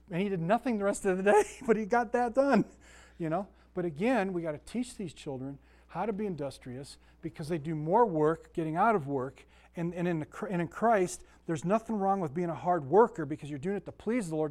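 Expressive and brisk, this Sunday school teacher has a high voice with a darkish tone. He keeps his Bible lesson casual and folksy, chatting, telling stories, and frequently asking the room questions.

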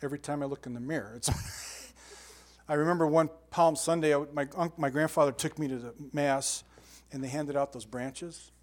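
Older male pastor, chatty animated sermon, voice sits a bit high. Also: normal speed. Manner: animated storytelling with sound effects and asides.

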